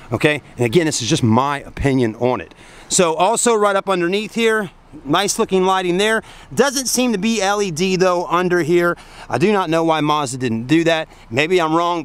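Folksy man reviewing a car. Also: a little high. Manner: chatty, folksy, addresses viewers as folks. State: hot and tired after a long day. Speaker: car reviewer filming at a dealership. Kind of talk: casual walkaround car review. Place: outdoors at a car dealership at night, then inside a car.

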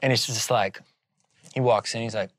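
A man's voice: mid-range voice, normal speed, dry recording. Casual storytelling man in a dry room. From Indiana, USA. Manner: animated storyteller, heavy use of "like". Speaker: interview guest, filmmaker.

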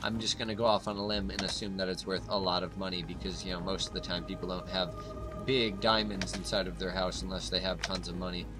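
A man hosting a gaming channel, chatting casually and rambling with lots of filler, breaking into sudden excited outbursts while he plays. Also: sits low, fast talker, music in the background. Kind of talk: casual let's-play commentary.

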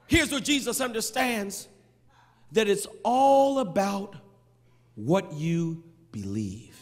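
A male pastor preaching a sermon, building into shouted, sing-song cadences with touches of humor. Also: high voice, animated, slow. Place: large church sanctuary. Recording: long church reverb.

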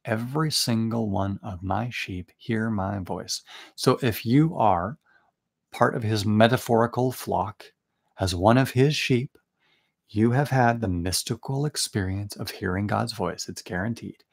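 A man's voice: lowish voice, unhurried, vocal fry. A young man leading a late-night Bible study, preaching in an earnest, conversational way with frequent restarts and asides. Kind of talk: informal sermon.

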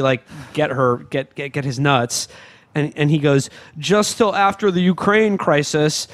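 A man co-hosting a podcast in casual chat, halting and restarting his sentences often. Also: fairly high pitch, a bit bright. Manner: halting, with frequent restarts and stammered repeats. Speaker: podcast co-host.

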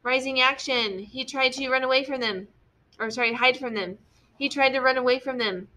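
Bright-voiced woman teacher, patient and clear. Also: high voice, normal speed. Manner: patient, explains step by step with frequent "okay?" checks. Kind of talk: classroom lesson on story structure.

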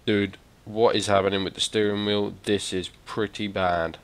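A young man commentates on his gameplay, energetic and excitable and swearing freely. His voice sits low, with loud game engine and crash noise behind him. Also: normal speed. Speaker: gaming YouTuber.

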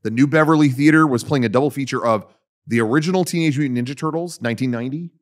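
A man's voice: mid-range voice, racing. Rambling man on a podcast. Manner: rambling, frequent fillers and restarts. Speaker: podcast co-host. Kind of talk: casual chat.

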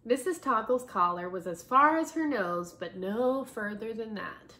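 A woman reading a children's picture book aloud. Her voice sits fairly high and stays expressive, and she stops now and then to put questions to her young listeners. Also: a little slow. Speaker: storybook reader.

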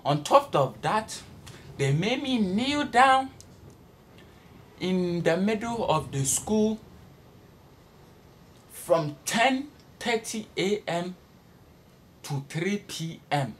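A young man performs a comic storytelling monologue, and his pitch swings widely through every sentence. He tells it with animated energy and jumps into high shrieks and bursts of laughter. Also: extremely slow, pauses often, a little hiss or hum. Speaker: comedic storyteller.

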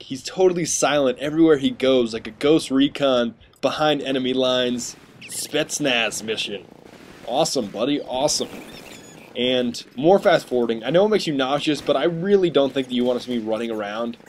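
A man's voice: medium pitch, a little hiss or hum. Sarcastic young man commentating gameplay. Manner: playful, sarcastic, mocking silly voices. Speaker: gaming commentator. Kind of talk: casual game commentary.

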